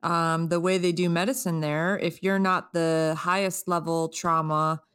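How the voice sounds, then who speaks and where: A woman's voice: on the low side, level tone, a little slow, fairly bright tone, smooth, no room sound. A middle-aged woman co-hosting a casual family podcast, talking with her grown daughter in a sympathetic, soothing way. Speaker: podcast co-host, mother of the guest.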